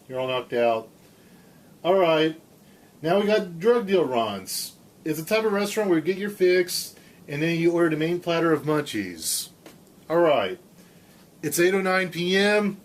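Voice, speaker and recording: A man hosting a casual college radio show, rambling and joking, speaking into a studio microphone. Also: a little high. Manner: rambling, jokey, with fillers and self-corrections. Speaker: radio host.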